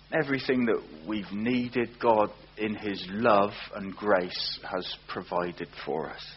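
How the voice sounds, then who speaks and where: A man preaching a sermon, earnest, often slowing down and repeating words for emphasis. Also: fairly low pitch. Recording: dull lo-fi recording with faint hum.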